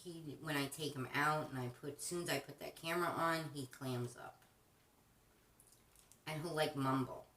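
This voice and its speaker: A woman's voice: deep voice, fairly even intonation, normal speed, long pauses, fairly bright tone. A woman hosting a craft channel, chatting casually and rambling with frequent restarts while she crafts. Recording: roomy, distant mic with faint noise.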